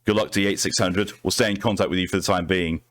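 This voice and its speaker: A man voicing a measured, clinical male doctor who directs the test subjects over a radio link. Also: sits low, steady tone, fairly bright tone, dry recording, studio quality.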